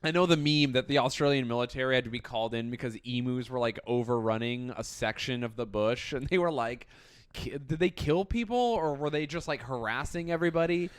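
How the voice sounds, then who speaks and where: A man's voice: medium pitch, fairly quick, smooth, no echo. A young man co-hosting a comedy podcast, swearing, laughing and rambling through stories in casual chat. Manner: crude, laughing, rambling storyteller. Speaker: podcast co-host.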